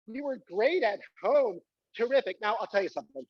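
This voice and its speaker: A man's voice: very high-pitched, expressive, brisk, husky, no echo, highs cut off. A man performing a live comic monologue, coaxing the audience to join in and squealing with delight. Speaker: solo performer. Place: small live venue.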